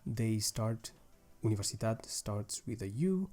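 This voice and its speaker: A young man with a mellow, darker tone teaches a language lesson. He explains grammar rules patiently and methodically, one step at a time, sometimes restarting a phrase as he goes. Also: fairly low pitch, expressive, measured pace, faint music behind.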